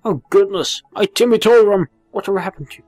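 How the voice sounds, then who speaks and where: A man's voice: high voice, fast, darkish tone, no echo, faint music behind, voice pushed up. A man voicing a sweet, fussy old woman doting on her pet. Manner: fussing, cooing.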